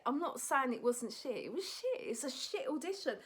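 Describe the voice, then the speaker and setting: Blunt woman, a stand-up comic, telling her story to a phone camera. Slightly high voice, animated, lots of "right?". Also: moderate pace.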